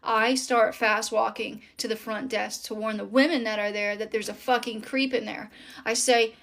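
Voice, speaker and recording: Woman, fairly high voice, indignant, swearing, casual storytime monologue. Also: steady tone, normal speed, gravelly, a bit bright.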